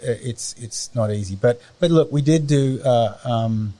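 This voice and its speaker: A middle-aged Australian man chatting as a podcast guest, rambling and often pausing to search for words. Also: medium pitch, dark tone. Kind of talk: casual conversation.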